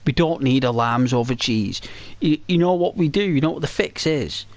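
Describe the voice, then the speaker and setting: A man chats to his viewers while he plays a video game. His voice sits at an ordinary middle pitch, and he rambles from one thought to the next with plenty of fillers and restarts. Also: normal speed, dry recording. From Britain. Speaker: gaming streamer. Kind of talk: casual chat to viewers while playing.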